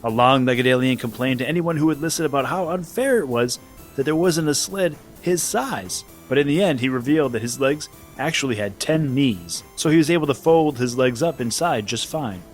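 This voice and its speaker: A man narrating a scripted children's story in a lively, expressive way. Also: mid-range voice, moderate pace, faint music behind.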